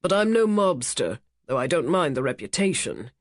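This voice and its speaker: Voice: mid-range voice, very animated, moderate pace, dry recording, studio quality. Narrator voicing Feldman, a cold, charming tycoon. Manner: smooth, commanding, cutting. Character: wealthy casino owner, charming and menacing man. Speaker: cruise ship owner.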